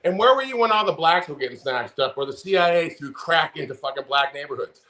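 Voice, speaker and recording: A man's voice: on the high side, animated, fast talker, pushed and bright. Fired-up profane American podcast man. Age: 40s. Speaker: podcast co-host. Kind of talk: heated political rant.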